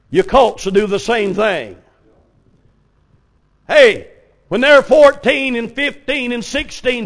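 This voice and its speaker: An older man preaching a folksy revival sermon, telling stories and rising to sudden shouts. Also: high-pitched, expressive, a little slow. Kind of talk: old-fashioned revival sermon.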